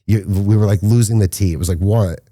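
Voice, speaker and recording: A man's voice: fast, dry recording, clean studio sound. A man, a filmmaker, telling stories casually in a podcast interview and acting out the quotes. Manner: animated storyteller, acts out quotes with rising pitch. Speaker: filmmaker guest.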